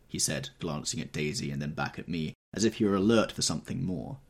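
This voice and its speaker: A man narrating an audiobook in an expressive, measured storytelling manner. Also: rumbling low, creaky.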